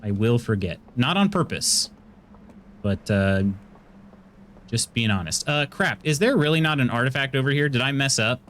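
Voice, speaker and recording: While streaming a game, an American-accented man chats easily with his audience at a moderate pace, now and then jumping into high, excited outbursts. There's a faint hiss or hum in the audio.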